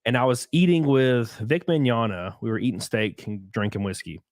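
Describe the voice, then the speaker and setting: Young guy hosting a podcast, talks fast and loose, swears a lot, dry close mic sound. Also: mid-range voice, dry recording. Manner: excitable, swears a lot, jokes with mock voices. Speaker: podcast host. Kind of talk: casual chat.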